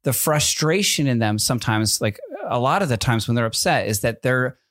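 A man's voice: medium pitch, expressive, moderate pace, a bit bright, no echo, clean studio sound. A young man in casual chat, rambling with many restarts and constant "like" and "you know what I mean". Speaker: podcast co-host and father of infant twins.

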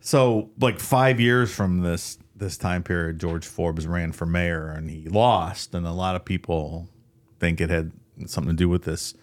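Low-voiced man hosting a chat show, relaxed and easily amused. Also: measured pace. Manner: laid-back, laughing often. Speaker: podcast host. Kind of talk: casual chat.

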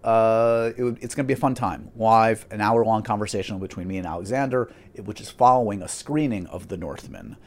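A man hosting his podcast in casual chat, animated and self-deprecating with quick asides. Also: fairly low pitch. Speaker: podcast host.

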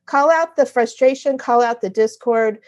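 A middle-aged woman, a guest author, telling a story in conversation and acting out her own remarks in expressive voices. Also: on the high side, normal speed.

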